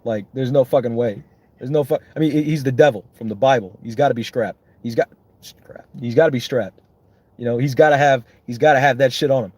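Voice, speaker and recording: A man's voice: mid-range voice, a little fast, darkish tone, husky, dry recording. A young man, a songwriter, chatting casually and rambling on with lots of swearing and self-mocking jokes.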